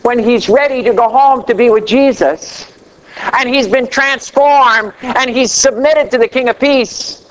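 A man preaching a sermon as pastor, slow and dramatic, letting his voice sink low at the ends of phrases. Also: highs cut off.

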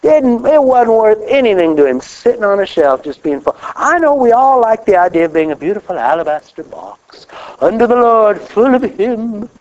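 A man preaching a sermon in a folksy, animated way, laughing often and rising on exclamations. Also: high-pitched, normal speed. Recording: dull lo-fi recording.

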